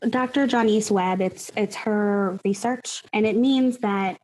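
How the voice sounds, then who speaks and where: A woman's voice: medium pitch, unhurried, darkish tone, poor audio. A woman with a mid-range voice talks as a guest therapist in a podcast interview. She explains at length and fills her talk with "like" and "you know".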